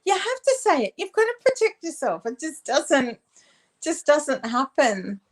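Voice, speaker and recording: High-voiced encouraging woman co-host. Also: big pitch swings, normal speed. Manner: encouraging, cheers the other on. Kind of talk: casual holiday chat.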